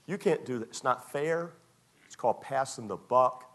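A man preaching a sermon as pastor, emphatic and repetitive, often dropping to a quiet tone. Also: medium pitch, normal speed.

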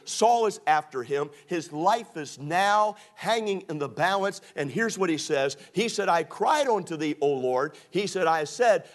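Preacher, man, folksy and funny, slightly high voice, acts out both sides of a conversation. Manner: folksy, humorous, acts out dialogue. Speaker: pastor. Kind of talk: storytelling sermon.

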